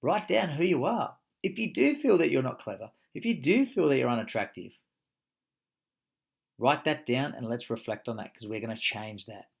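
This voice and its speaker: Gravelly man coaching emphatically. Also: medium pitch. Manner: emphatic, punchy, swears freely, fires rhetorical questions. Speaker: life coach teaching an online course. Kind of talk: motivational course lecture.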